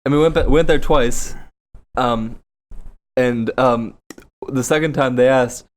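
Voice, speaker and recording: A young man with a Texan accent tells stories in a blunt, crude, easygoing way. His voice sits at an ordinary mid pitch. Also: slow, pauses often. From Texas. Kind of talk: casual chat.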